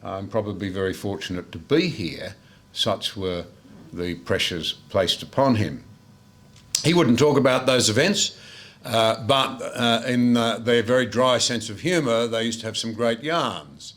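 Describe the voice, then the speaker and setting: A man's voice: on the low side, unhurried, fairly bright tone. An older Australian man giving a speech at a book launch to a room of listeners, telling anecdotes with frequent "uh" fillers. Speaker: guest speaker. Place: room with a live audience.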